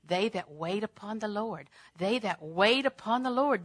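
A woman preaching a sermon, swinging from loud, emphatic declarations to hushed, near-whispered lines, repeating phrases for emphasis. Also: medium pitch, animated, measured pace, no echo.

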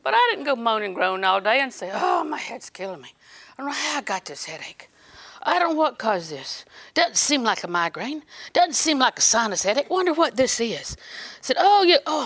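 A middle-aged woman preaching a sermon in an animated way, acting out little scenes and laughing. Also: a little high.

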